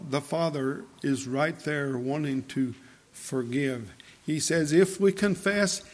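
A man's voice: on the high side, creaky. A man preaching a sermon and telling a story in an earnest, fervent way.

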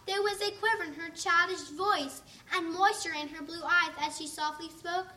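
Woman narrating storybook, very high bright voice, expressive lilting, distant mic, faint hiss. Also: moderate pace.

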